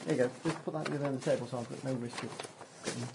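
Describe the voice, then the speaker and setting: A man's voice: mid-range voice, steady tone, racing, gravelly, noisy background. A man running a casual tabletop game as game master, hesitant with many fillers. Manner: hesitant, with filler ums and restarts. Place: room at a gaming table.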